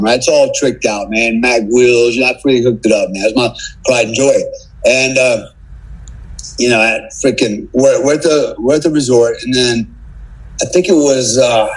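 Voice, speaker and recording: On poor audio, a slightly rough, medium-pitched male voice belongs to a middle-aged man from the US. As a podcast guest, he swears his way through a laid-back story, constantly ending lines with "man" and "right?".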